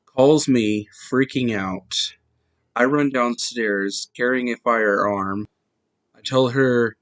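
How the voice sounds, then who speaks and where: Brief: male podcast host, dry close sound, steady storytelling read. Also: on the low side, slow, no room sound, rough recording. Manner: plain, steady first-person telling. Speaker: podcast host reading accounts. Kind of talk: reading true-story accounts.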